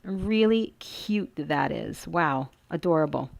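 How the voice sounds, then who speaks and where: A woman's voice: deep voice, animated, slow pace, creaky, no room sound. A woman hosting a casual crafting tutorial, chatty and gushing, thinking aloud as she works.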